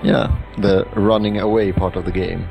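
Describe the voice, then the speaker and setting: A man co-commentating on a friend's gameplay, tossing in wry, teasing remarks. His voice is fairly low with a gravelly edge. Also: fairly even intonation, moderate pace. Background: game music.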